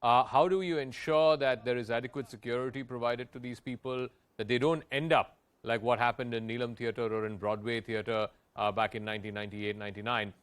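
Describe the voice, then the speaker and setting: A man anchoring a TV news debate, brisk and interjecting to steer the panel. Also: medium pitch, fairly even intonation, clear, resonant tone. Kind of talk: moderating a TV debate.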